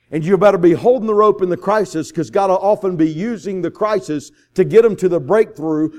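Give me a high-pitched man preaching a story-filled sermon. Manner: storytelling with swings from loud to hushed.

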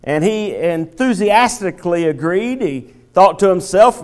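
A male pastor delivers a sermon at an unhurried pace. His voice sits a little high for a man, and he pauses often on filler sounds between phrases as he announces and tells stories. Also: animated, a little mellow, clear, resonant tone. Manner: halting, many filler pauses. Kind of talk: sermon with storytelling.

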